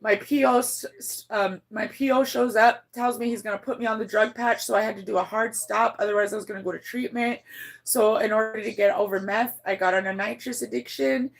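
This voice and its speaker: Woman livestreamer, gravelly, blunt and rambling, casual storytelling. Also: steady tone, a little fast. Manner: rambling, blunt, swears freely, many restarts; emotional, voice climbs high when moved. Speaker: livestreamer reading her chat.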